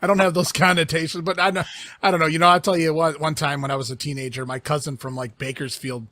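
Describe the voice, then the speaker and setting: A man's voice: on the high side, flat delivery, fast, bright, forceful tone, no echo. A man from Ohio, a guest on a casual podcast, who jokes and laughs a lot. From Ohio, United States. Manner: laughs often, joking.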